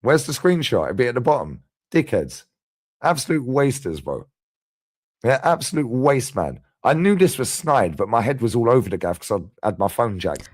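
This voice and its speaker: A man's voice: mid-range voice, big pitch swings, normal speed, darkish tone, dry recording, clean studio sound. A man in casual stream commentary, blunt, slangy and swearing.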